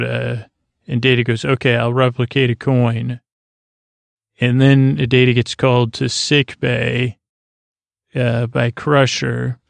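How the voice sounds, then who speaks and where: A man's voice: medium pitch, level tone, takes it slowly, no echo. A man hosting a podcast, loosely recapping a TV episode in a meandering way, full of fillers and self-corrections. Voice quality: gravelly. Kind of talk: rambling sleepy recap chat.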